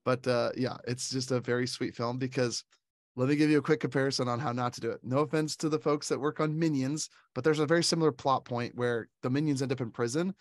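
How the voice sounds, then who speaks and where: A man's voice: medium pitch, steady tone, fast, dry recording, clean studio sound. Enthusiastic man gushing about a film. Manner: enthusiastic, laughs often, quotes lines in put-on voices. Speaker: podcast co-host. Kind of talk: casual film discussion.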